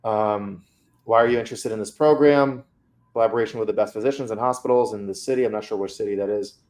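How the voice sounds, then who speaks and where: A man's voice: fairly low pitch, steady tone, fast talker, darkish tone. A man coaching a student through feedback on her mock interview, candid and casual.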